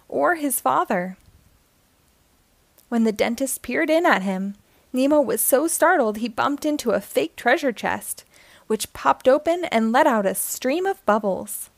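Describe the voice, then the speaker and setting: A woman reading a children's picture book aloud in a gentle storytelling manner. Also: a little high, creaky, no room sound.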